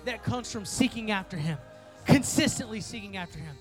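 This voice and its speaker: A young man preaching to a youth group, playful and joking with the crowd, then rising to energetic calls for response. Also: sits high, fairly quick, soft background music. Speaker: youth pastor. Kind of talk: sermon.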